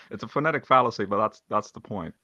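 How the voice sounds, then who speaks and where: A man's voice: lowish voice, expressive, fast, pushed and bright, no echo, lo-fi sound. A man co-hosting a debate review, talking casually in a tongue-in-cheek, joking way. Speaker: co-host of a debate review show. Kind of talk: casual discussion.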